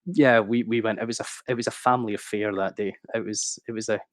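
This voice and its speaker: Man, animated storyteller, low voice, dry close sound. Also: fast talker, dry recording. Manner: animated anecdote-telling, swearing, acting out quotes. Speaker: guest speaker. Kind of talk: casual storytelling on a livestream.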